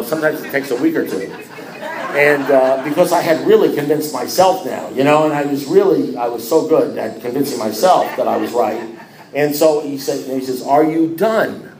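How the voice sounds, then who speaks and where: A man telling his own recovery story to a group, animated and self-mocking, often restarting his sentences. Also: medium pitch, a little fast, echoey room, a crowd in the background, rough recording. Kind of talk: personal testimony to a group.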